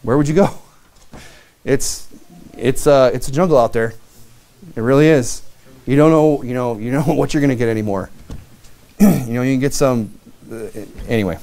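A man from Michigan preaching a sermon, animated, with many asides and acted-out quotes. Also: medium pitch, moderate pace, pauses often. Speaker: pastor.

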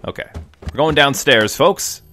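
A man's voice: medium pitch, lively intonation, unhurried, sharp tone, a little hiss or hum. A young man hosting a game video, chatting and joking to viewers while he plays on a desk mic. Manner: chatty, jokey, addresses viewers as folks. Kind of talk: casual gameplay commentary.

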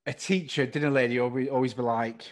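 A man's voice: mid-range voice, fairly even intonation, quick pace. A man co-hosting a podcast, telling playful stories in a casual, joking chat. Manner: playful storyteller. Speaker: podcast co-host.

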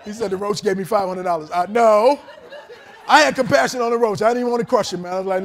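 A man preaching, his voice sitting high for a man. He tells his story with animated character voices, breaking into laughter as he goes. It sounds like a live sermon delivered on a mic. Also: fast talker. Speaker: pastor. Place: church service in a hotel venue. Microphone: handheld or lapel mic.

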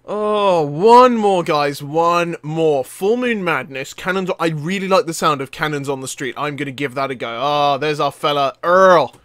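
A young man giving live gameplay commentary, excitable and yelping and laughing as things go wrong. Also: on the high side, normal speed, hardly any pauses, no room sound, clean studio sound. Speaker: gaming channel host.

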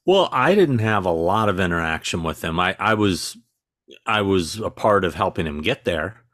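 A man's voice: deep voice, expressive, moderate pace, a bit bright, no room sound. A man with a dry, sarcastic sense of humor, telling stories as a guest in a casual podcast interview.

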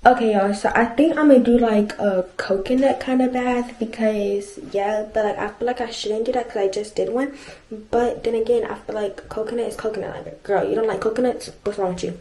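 A woman's voice: a little high, fairly even intonation, brisk, few pauses, mellow, low-quality recording. A teenage girl vlogging at home in a casual, rambling way, full of fillers, sometimes venting. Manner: frustrated venting. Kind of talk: casual vlog chat. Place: home, bedroom and bathroom. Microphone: camera mic.

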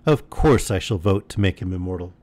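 A man reading aloud and voicing the gentle queen of the wood nymphs, speaking in an assured way in his own low voice. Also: animated, a little fast, no room sound.

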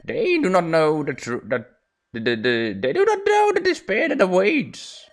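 A man voicing an ancient male sage who speaks slowly and solemnly, in a creaky old-man voice. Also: a little high, wildly swooping pitch, voice pushed up. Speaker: let's play host voicing characters.

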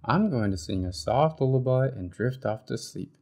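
A man voicing a gentle, sleepy raccoon in a children's story, soft and calm. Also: medium pitch, normal speed, gravelly.

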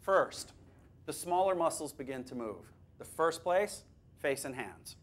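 A man with a fairly high voice leads a workshop for teachers, chatting lively and putting questions to the room. His delivery is loose and conversational, with quick jokes. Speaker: workshop presenter. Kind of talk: teacher training workshop lecture. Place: classroom or workshop room with a live audience.

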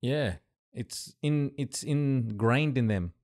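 A man co-hosting a casual group chat, playful and animated, laughing often. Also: medium pitch, takes it slowly. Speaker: podcast co-host.

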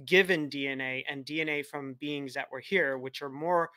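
Polite, hesitant man, bright dry voice. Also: fairly high pitch, steady tone, normal speed, no echo. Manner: polite, hesitant with many fillers. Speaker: caller. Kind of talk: casual chat.

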